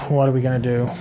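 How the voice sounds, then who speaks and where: A man hosting an online show, delivering a heated, profane, shouting solo rant. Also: medium pitch.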